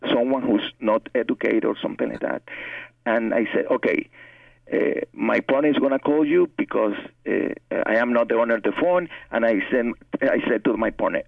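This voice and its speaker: A man's voice: mid-range voice, gravelly, no echo. A novelist guest with a Cuban Spanish accent, a native Spanish speaker, who speaks earnestly and often repeats words as he searches for his English. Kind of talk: interview conversation. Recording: tinny phone line, distant from mic.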